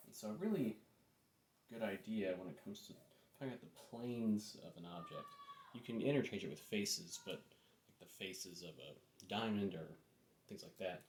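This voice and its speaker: A man teaching a drawing lesson, talking through each step as he draws and often dropping to a soft, low voice. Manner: relaxed, thinking aloud while drawing, often soft and low. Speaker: art teacher. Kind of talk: drawing demonstration. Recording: echoey room, faint background noise.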